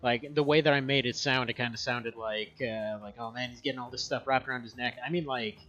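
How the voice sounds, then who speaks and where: A man's voice: medium pitch, steady tone, fairly quick, pushed and bright, lo-fi sound, soft background music. A man in his thirties giving rambling, casual gameplay commentary from home, chatting and laughing often. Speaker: gaming streamer.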